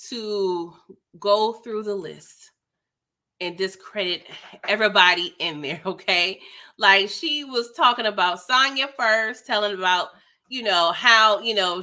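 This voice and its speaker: Young woman spilling tea on a reality show, slangy and sassy, crisp bright tone. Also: mid-range voice. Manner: sassy, slangy, lots of "like" and "girl". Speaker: reality TV recap vlogger. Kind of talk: casual episode recap commentary.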